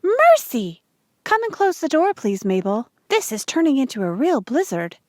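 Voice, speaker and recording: A woman reading aloud, voicing a brisk farm mother who turns hoarse with a cold, in a high, lively voice. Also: dry recording, clean studio sound. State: hoarse and croaking when sick. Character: worried farm wife, mother, turning hoarse.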